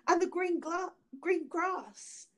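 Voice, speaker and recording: A woman's voice: very high-pitched, slow, a bit bright, pitched above the performer's own voice, full character voice. A woman voicing a young woman keeping watch from a tower, calling out her report. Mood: watchful.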